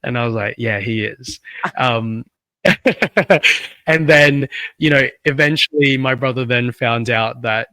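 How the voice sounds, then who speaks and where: Relaxed Australian man telling a story. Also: medium pitch, takes it slowly, no room sound. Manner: relaxed, laughs often, conversational storyteller. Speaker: podcast co-host. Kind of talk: casual chat.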